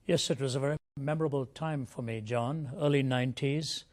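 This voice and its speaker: A man's voice: mid-range voice, brisk. An older man from India, a guest speaker, giving an earnest, reflective personal testimony in an interview.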